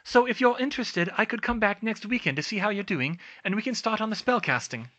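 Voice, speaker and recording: A man's voice: high voice, animated, brisk, sharp tone, lo-fi sound, voice pushed up, exaggerated voice. A man voicing a nervous, earnest teenage girl in an audiobook reading.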